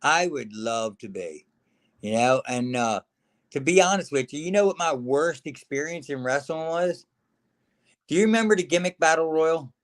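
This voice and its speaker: A man's voice: on the high side, moderate pace. A middle-aged man, a former wrestler, telling career stories in a casual interview, acting out the quotes of others and often calling the listener man or brother. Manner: animated storyteller acting out quotes, says man and brother a lot.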